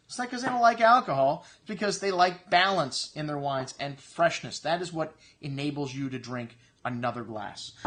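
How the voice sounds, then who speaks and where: A man's voice: fairly high pitch, fairly bright tone. A man hosting a casual wine review, chatting through descriptive tasting notes. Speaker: wine shop host reviewing wines.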